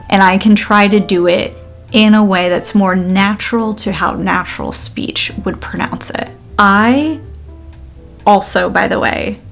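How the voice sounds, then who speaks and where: A woman teacher giving a relaxed pronunciation lesson, slowly drilling words syllable by syllable and laughing often. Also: mid-range voice. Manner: slow, deliberate drilling with frequent laughs. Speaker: language teacher.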